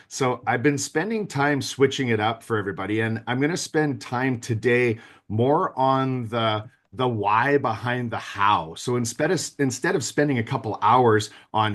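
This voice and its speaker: A man's voice: mid-range voice, moderate pace, few pauses, a bit bright. A man in his fifties giving a virtual business planning seminar, chatty and self-deprecating, talking straight to his audience over a video call mic. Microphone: video call microphone.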